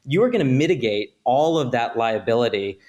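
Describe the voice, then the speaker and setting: A man, an attorney guest on a podcast, explaining contracts and liability with measured, example-driven talk. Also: medium pitch, animated, a little mellow. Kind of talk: podcast interview.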